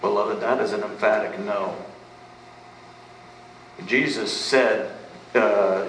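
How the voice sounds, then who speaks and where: A pastor in the middle of a sermon, his voice sitting somewhat low. He drives points home with questions he answers himself. The recording catches him from a distance in a reverberant church, with a faint hiss underneath. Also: fairly even intonation, takes it slowly, pauses often, fairly bright tone. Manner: emphatic, asks and answers rhetorical questions. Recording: echoey room, mic at a distance, faint background noise.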